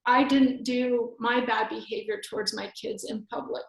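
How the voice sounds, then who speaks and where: A woman's voice: on the high side, fairly even intonation, normal speed, creaky. A middle-aged woman telling personal stories as a podcast guest, earnest and reflective, often restarting her sentences. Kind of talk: personal storytelling in conversation. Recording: roomy echo.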